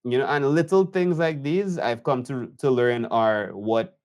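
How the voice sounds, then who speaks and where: A man reacting to a video as an editor, unhurried and admiring as he talks through the choices. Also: medium pitch, darkish tone. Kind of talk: reaction commentary.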